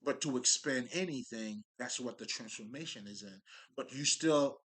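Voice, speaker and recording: Male spiritual talker, bright tone, casual profane street-style musing with restarts. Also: mid-range voice, normal speed. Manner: loose, profane street talk, restarts and laughs. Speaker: spiritual speaker.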